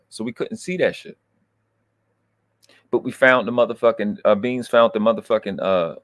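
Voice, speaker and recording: A man hosting a livestream, ranting in a heated, profane way and swinging from low muttering to loud outbursts. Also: no echo, studio quality. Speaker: livestream host.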